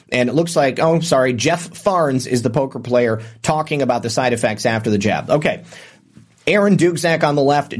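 A man hosting a livestream, reading viewer comments and commenting casually, often restarting with fillers. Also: mid-range voice. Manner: hesitant, many filler restarts. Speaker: livestream host.

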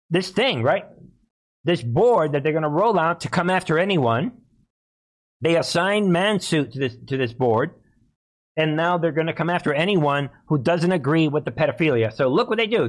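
Male host of a live-streamed political commentary show, emphatic and repetitive, speaking voice sits a little high. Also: animated, moderate pace. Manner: emphatic and repetitive, keeps calling out to viewers.

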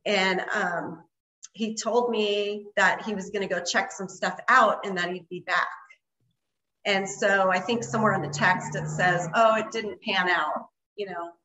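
A woman's voice: medium pitch, steady tone, measured pace, pushed and bright, echoey room, rough recording. A woman guest telling a story in casual conversation, rambling with lots of fillers. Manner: rambling, many fillers like "like" and "you know". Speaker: interview guest.

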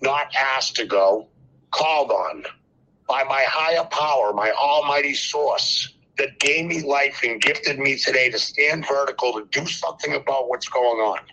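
A man's voice: mid-range voice, measured pace, sharp tone. An older man calling in to a talk show, speaking fervently and preaching, repeating phrases for emphasis, over a muffled lo-fi line. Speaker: caller. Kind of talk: impassioned call-in speech.

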